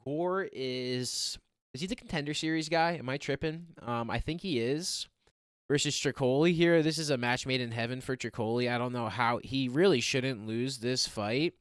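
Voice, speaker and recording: A man's voice: mid-range voice, clean tone, no room sound, clean studio sound. Rambling young man calling fight picks. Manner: rambling, loose, full of fillers and self-corrections. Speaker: MMA picks podcaster. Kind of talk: casual fight preview and predictions.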